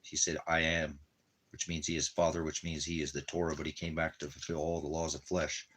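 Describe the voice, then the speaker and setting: A man with a very low, husky voice rambles in a loose, repetitive way. He coos at his dog with doting baby-talk, then slides into preaching about religion, all in an offhand home-vlog manner. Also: little pitch movement, brisk, fairly bright tone. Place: at home in the desert.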